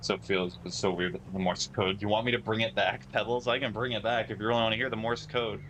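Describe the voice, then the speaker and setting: During a live stream of a driving game, a man with a fairly low pitch talks quickly and casually, reacting to his viewers' messages. Constant noise and hum can be heard behind him.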